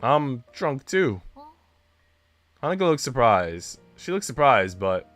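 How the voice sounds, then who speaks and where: A man streaming himself reading a visual novel aloud, expressive and reacting out loud between lines. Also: mid-range voice, slow pace, soft background music. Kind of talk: dramatic read-aloud with commentary.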